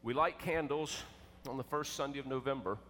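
Emphatic preacher in an echoey church. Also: male voice, medium pitch, fairly quick, a little hiss or hum. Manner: emphatic, swinging from loud to hushed. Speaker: pastor. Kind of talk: sermon. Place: church sanctuary. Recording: echoey church with long reverb.

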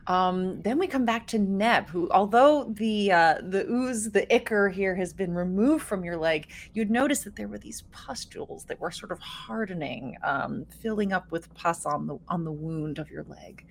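A woman narrating a tabletop game as game master, descriptive and often pausing with fillers. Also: mid-range voice, lively intonation, vocal fry, slight background noise.

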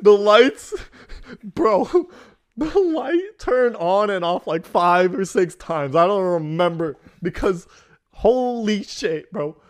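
A man's voice: high voice, slow pace. A young man co-hosting a casual podcast, telling a story with laughter and acted-out quotes. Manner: animated, laughing, swearing, acts out quotes. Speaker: podcast co-host.

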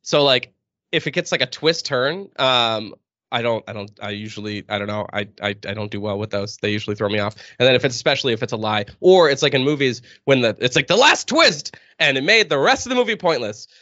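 A man's voice: medium pitch, lively intonation, a little fast, pushed and bright, dry recording, dull audio. A man in casual podcast chat as a guest, rambling with many restarts. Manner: rambling, restarts, laughs often.

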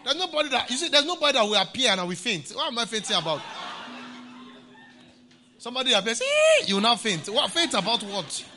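A male pastor preaching a sermon, playful, often laughing and breaking into shouts. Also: extremely high pitch, lively intonation, fast, pauses often, slight background noise.

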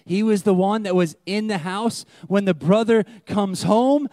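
A man, preaching a sermon, moving between loud, lively retelling and hushed, slow, tender lines. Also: high-pitched, no echo, studio quality. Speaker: pastor.

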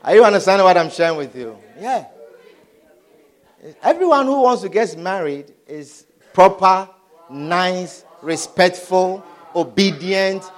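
A man preaching a sermon, animated and often asking the congregation whether they understand. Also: sits high, measured pace. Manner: animated, repeatedly asks "Do you understand?".

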